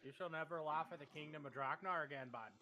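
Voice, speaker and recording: A man's voice: fairly high pitch, fast, noisy background, close to an everyday voice. Man putting on a folksy Minnesotan scold. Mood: mock stern. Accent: Minnesota (put on). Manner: exaggerated folksy drawl with "bud" and "oofta". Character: folksy Minnesotan man, stern but chummy.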